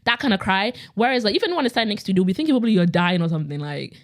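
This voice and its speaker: A woman's voice: mid-range voice, expressive. A young adult woman telling her personal faith testimony in a casual, conversational way, full of "like" and repeated phrases. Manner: rapid, conversational, with frequent "like" and repetition. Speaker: podcast host sharing her testimony.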